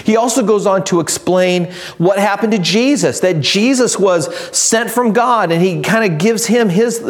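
A man preaching a sermon, reading scripture slowly and building to emphatic, raised delivery. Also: high-pitched. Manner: reads scripture slowly and deliberately. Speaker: pastor.

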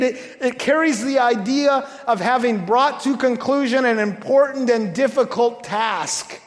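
Male pastor, high-set voice, chatty sermon full of restarts and asides, reverberant church sound. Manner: conversational, halting restarts, joking asides.

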